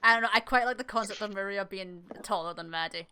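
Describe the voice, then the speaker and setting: A woman's voice: mid-range voice, quick pace, sharp tone, clean tone. A woman playing in a tabletop game, chatting casually and hesitantly. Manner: giggly, hesitant. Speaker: player.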